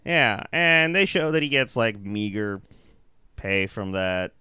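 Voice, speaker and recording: A man rambles through a bad movie with his co-host, full of fillers, restarts and casual swearing. His voice is smooth and resonant, recorded close and dry with no room sound. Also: on the low side, expressive, takes it slowly, pushed and bright, no echo. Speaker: podcast co-host. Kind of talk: casual movie review chat.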